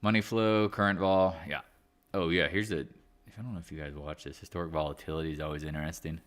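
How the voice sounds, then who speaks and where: A man with a gravelly, fairly bright bass voice hosts a live stream chatting about markets. It's loose, rambling talk full of tangents and slang.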